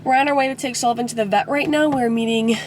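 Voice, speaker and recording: A woman's voice: a little high, steady tone, fast, reverberant, slight background noise. A young woman in her twenties, a new mother, chatting casually in a vlog with a stuffy, congested voice and lots of filler words. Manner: rambling, filler-heavy, chatty. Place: at home and in a car.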